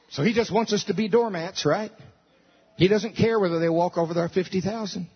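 Male pastor preaching at a church service, very husky voice, dull lo-fi sound. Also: high-pitched, a little fast. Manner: animated, swinging from loud to soft, with laughs. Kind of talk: sermon. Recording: dull lo-fi recording.

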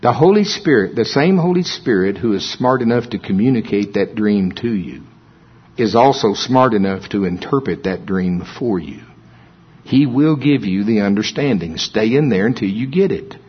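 A man's voice: lowish voice, lively intonation, normal speed, husky. A man preaching a sermon in a folksy way, with humorous asides to the congregation. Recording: dull lo-fi recording.

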